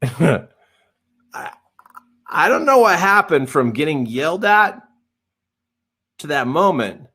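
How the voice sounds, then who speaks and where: A man coaching in a live webinar, telling a story in an animated, self-deprecating way and acting out the dialogue. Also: on the high side, breathy edge.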